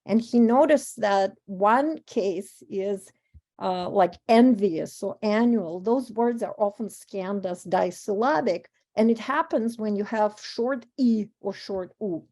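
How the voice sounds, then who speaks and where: Mellow-voiced woman giving a scholarly talk. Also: mid-range voice, takes it slowly. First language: Russian. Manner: thoughtful, with frequent ums and self-corrections. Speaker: panel speaker on verse translation. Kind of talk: academic conference talk.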